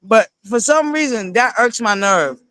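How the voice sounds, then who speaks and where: A man hosting a live reality-TV review stream, talking in an animated, sassy way with frequent swearing and digressions. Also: very high-pitched, a little slow, clear, resonant tone, no echo. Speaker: livestream host reviewing reality TV. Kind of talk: casual livestream commentary.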